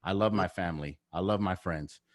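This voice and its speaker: A man's voice: low voice, fairly quick, dry recording, studio quality. A man speaking as a podcast guest in a casual conversation, blunt and full of swearing, hammering his points with repeated phrases. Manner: blunt, heavy swearing, repetitive emphatic phrasing. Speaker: podcast guest, real estate investor.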